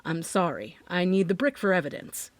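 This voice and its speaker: A woman reading an audiobook, voicing a gruff male police chief who talks down to people. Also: on the low side, sing-song, moderate pace, no room sound. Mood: stern.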